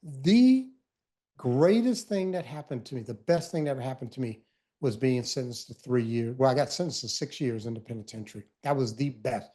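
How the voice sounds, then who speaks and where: A middle-aged man with a mellow, warm tone tells his own story as a guest. He speaks earnestly and reflectively, taking his time and pressing down on the words that matter. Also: medium pitch, lively intonation. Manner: reflective, earnest, unhurried with emphatic stresses. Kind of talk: personal storytelling in conversation.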